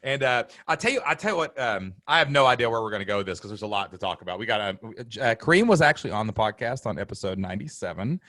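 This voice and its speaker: A man's voice: fairly low pitch, animated, fast, few pauses, sharp tone, no room sound, clean studio sound. A man hosting a podcast interview, talking with enthusiastic, effusive and emotional energy. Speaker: podcast host.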